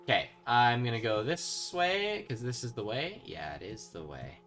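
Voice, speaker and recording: Excitable young man doing game commentary. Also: mid-range voice, normal speed, faint music behind. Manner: excitable, shouts when thrilled, then mutters quietly. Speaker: gaming video host. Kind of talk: casual let's-play commentary.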